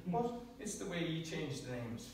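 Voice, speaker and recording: A man's voice: fairly high pitch, very animated, normal speed, a little mellow, slight background noise. An Irish man giving a prepared humorous speech at a speaking club, joking and self-deprecating, often chuckling at his own lines. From Ireland. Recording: very echoey room, distant mic.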